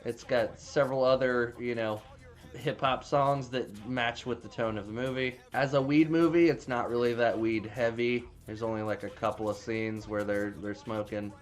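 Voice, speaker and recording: A man's voice: mid-range voice, fairly even intonation, normal speed. A man casually recapping a movie plot, rambling with frequent restarts and plenty of swearing. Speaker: movie reviewer.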